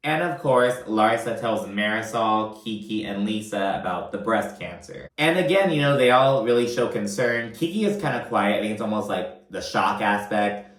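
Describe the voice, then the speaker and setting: Brief: man, lowish voice, gossipy and profane reality-TV recap host, roomy echo. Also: expressive, moderate pace, hardly any pauses, fairly bright tone. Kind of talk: casual recap commentary. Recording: echoey room.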